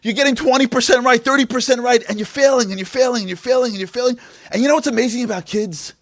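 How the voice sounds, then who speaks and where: A man giving an impassioned inspirational talk at an event, firing rhetorical questions and swinging from loud to hushed. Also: extremely high pitch, fast talker, no echo. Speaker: speaker at a Tisha B'Av event. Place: event venue.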